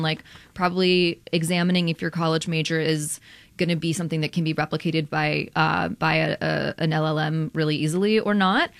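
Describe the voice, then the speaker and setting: A woman's voice: on the low side, dry recording. A woman journalist being interviewed, talking animatedly in a conversational way, with frequent laughs and lots of "like" fillers. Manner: animated, quick, laughs often, many "like" fillers. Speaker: radio journalist guest.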